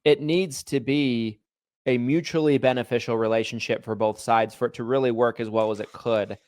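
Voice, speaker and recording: Animated man telling stories on a podcast. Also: medium pitch, moderate pace, no echo, studio quality. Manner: animated storyteller, acts out quoted people. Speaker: podcast co-host. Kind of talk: casual podcast chat.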